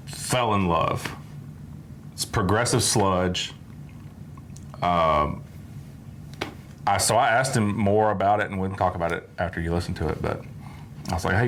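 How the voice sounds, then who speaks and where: A man's voice: low-pitched, fairly bright tone, a little hiss or hum. A man with a Southern US accent hosting a music reaction show, chatting in an easygoing way and telling stories. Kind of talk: casual chat.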